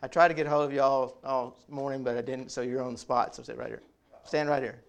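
A man's voice: medium pitch, fairly even intonation, fast talker, vocal fry. A man preaching a conversational sermon, often repeating words as he builds a point. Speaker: pastor.

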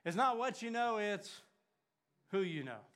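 An older man preaching a sermon, swinging from loud urgent emphasis to hushed, near-whispered lines. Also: high-pitched, very animated, a little slow, clean tone.

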